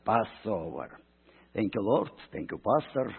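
Russian-accented man, halting church talk, lively pitch, slow and husky, tinny line with long hall echo. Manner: halting, many ums and uhs, broken English. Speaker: missionary guest speaker. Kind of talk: church presentation. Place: church sanctuary. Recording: tinny, reverberant church recording.

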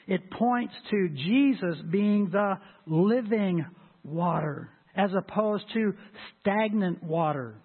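A man preaching a sermon as pastor, with a husky voice and an emphatic delivery that swells loud and high on scripture. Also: slow. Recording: tinny lo-fi phone-like sound.

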